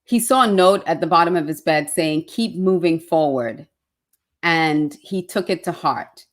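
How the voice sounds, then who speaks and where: A woman's voice: deep voice, measured pace. A woman hosting an online interview show, effusive and fumbling over her words, with many fillers. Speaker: show host.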